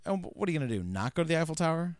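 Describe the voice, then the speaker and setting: A man with an American accent co-hosting a casual film podcast, telling relaxed anecdotes. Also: fairly high pitch, racing. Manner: relaxed storyteller, sharing anecdotes. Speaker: podcast co-host.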